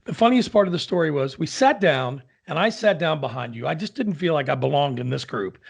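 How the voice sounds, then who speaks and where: A man, an opera singer, telling a lively anecdote in casual conversation and acting out the people in it. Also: on the high side, brisk, gravelly. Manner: animated storyteller, acts out quoted voices.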